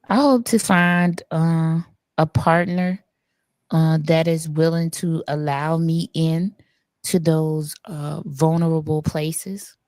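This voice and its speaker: Low-voiced woman, candid livestream chat. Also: gravelly, darkish tone, no echo, clean studio sound. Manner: candid, storytelling, laughs often. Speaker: co-host and producer.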